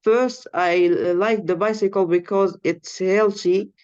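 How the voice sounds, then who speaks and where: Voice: mid-range voice, fairly even intonation, darkish tone, clear, resonant tone, dull audio. Hesitant young learner reading aloud. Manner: halting, many fillers and restarts. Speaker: student.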